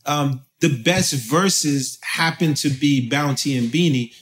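A man from Haiti talking as an interview guest, telling stories in a loose, animated way with lots of fillers. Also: a little high, slow. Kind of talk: casual conversation.

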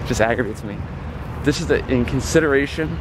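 A man vlogging from his car, ranting in an aggravated way about a dispute. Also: mid-range voice. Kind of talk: ranting vlog while driving. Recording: noisy street traffic behind.

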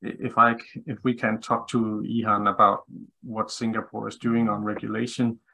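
A man's voice: on the low side, level tone, moderate pace, vocal fry, bright, forceful tone, husky, poor audio. A man speaking as a guest specialist on a webinar call, thoughtful, with many fillers and restarts. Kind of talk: webinar discussion.

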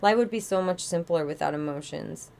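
A woman's voice: fairly low pitch, brisk, gravelly, darkish tone. A woman reading aloud as a guarded young female Trill ensign with a terse, bitter edge.

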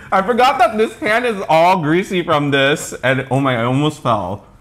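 Man co-host, relaxed eating chat, cheerful and quick to laugh, lively intonation. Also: a little high, slight background noise. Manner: upbeat, laughs often. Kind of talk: casual mukbang chat while eating.

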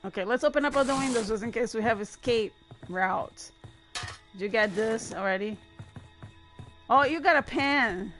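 A woman giving chatty, excitable gameplay commentary and laughing often. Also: fairly high pitch, moderate pace, pauses often, soft background music. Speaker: gamer.

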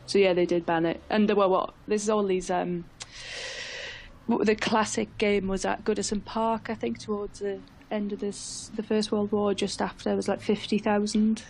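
A woman's voice: mid-range voice, flat delivery, moderate pace, darkish tone, slight background noise. A woman who is a football pundit on a radio phone-in, explaining the history of the women's game in a chatty way. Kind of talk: radio studio discussion.

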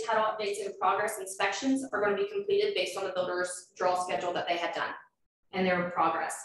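A woman talks through a process in an easygoing, explanatory way, filling pauses with "um". She sounds set back from the microphone in a very echoey room. A faint hiss runs under her voice. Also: medium pitch, fairly bright tone. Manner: explanatory, filler-heavy. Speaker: loan officer presenting. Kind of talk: informal presentation. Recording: echoey room, far from mic, faint noise.

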